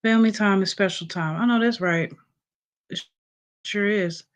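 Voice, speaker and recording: Having just woken up, this livestream host chats with her viewers and reads from a list, filling it with ums. Her voice is mid-range and she speaks at normal speed.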